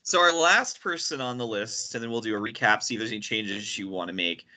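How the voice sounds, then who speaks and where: A man hosting a casual podcast, explaining comic book characters with quick, stammering restarts. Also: fairly low pitch, bright, forceful tone. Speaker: podcast host. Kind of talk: casual chat.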